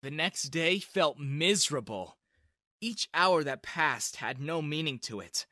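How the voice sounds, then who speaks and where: Bright, animated male storyteller. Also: on the high side, a little slow, no room sound, studio quality. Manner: lively, expressive reading. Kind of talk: first-person story narration.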